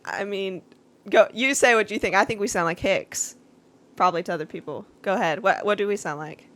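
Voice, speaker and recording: A woman's voice: mid-range voice, a little fast, fairly bright tone. A woman co-hosting a casual podcast, giggly and enthusiastic.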